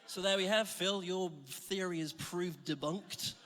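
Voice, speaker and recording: A man's voice: high voice, measured pace, a bit bright, a little hiss or hum. A man giving a chatty, joking sermon to a church, telling stories with self-deprecating humour. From Scotland. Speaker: church speaker. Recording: reverberant hall.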